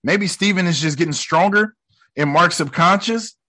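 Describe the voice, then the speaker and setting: Excitable man in a slangy reaction. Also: high-pitched, normal speed. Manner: excitable, profane, slangy, acts out lines from the show. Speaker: reaction video host. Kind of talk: casual reaction commentary.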